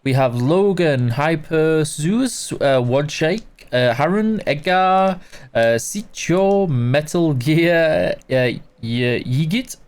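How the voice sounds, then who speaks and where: Guy streaming a game, sleepy and yawny, chatty, reads out chat names, kinda high voice. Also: lively intonation, slow, smooth. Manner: greets viewers by name, chatty and easygoing. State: tired and yawning. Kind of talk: casual live gameplay stream.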